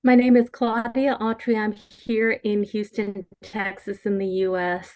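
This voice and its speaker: A woman's voice: medium pitch, flat delivery, measured pace, darkish tone, highs cut off. Thoughtful woman on a video call. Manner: thoughtful, searching for words. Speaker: game participant. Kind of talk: reflective personal sharing.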